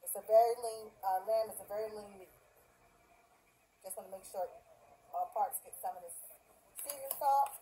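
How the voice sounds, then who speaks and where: Recorded on a phone in her kitchen, a cooking vlogger hosts a casual, upbeat home tutorial, chatting directly to her viewers. Her mellow voice is medium-pitched at normal speed, with frequent pauses. The audio is poor, with a little hiss or hum and a football game faintly playing on a TV behind her.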